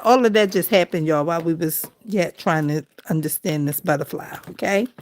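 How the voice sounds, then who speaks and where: A woman's voice: low voice, darkish tone. A woman, chatting casually to her viewers as a craft vlogger and telling a story.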